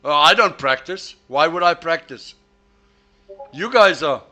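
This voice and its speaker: Lively in intonation and fairly high, his pushed, bright voice carries over voice chat as he streams a sim race. He teases his friends and keeps restarting his sentences, repeating words.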